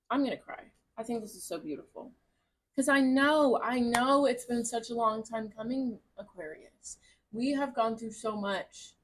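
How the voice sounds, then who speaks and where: A woman's voice: a little high, slight background noise. Gushing, chatty woman tarot reader. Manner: gushing, chatty and encouraging, with casual swearing. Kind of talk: casual tarot reading to camera.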